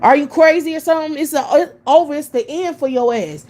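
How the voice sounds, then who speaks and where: A woman's voice: sits high, fairly quick, a little mellow. A woman from the United States delivering a profane, scornful rant full of repeated rhetorical questions. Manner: scornful, repetitive rhetorical questions, heavy swearing. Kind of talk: profane ranting monologue.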